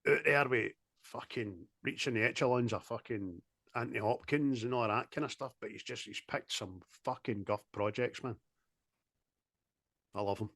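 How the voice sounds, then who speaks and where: A man in casual, sweary film chat, animated and quick to laugh, talking over a video call. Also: medium pitch, dry recording, studio quality. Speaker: podcast co-host.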